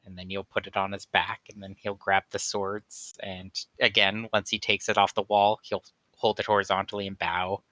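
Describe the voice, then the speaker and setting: Bright, flat-voiced hesitant male player. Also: on the low side, normal speed, no echo, rough recording. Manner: hesitant, many fillers. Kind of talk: describing character actions in a tabletop game.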